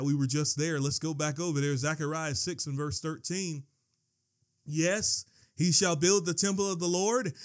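A man preaching a sermon as pastor. He swings from quiet scripture reading to excited yelling and repeats words when he gets worked up. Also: high-pitched.

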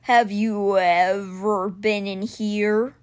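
A woman reading a storybook aloud, voicing a gruff male beast guardian with a slow, low growl. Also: little pitch movement.

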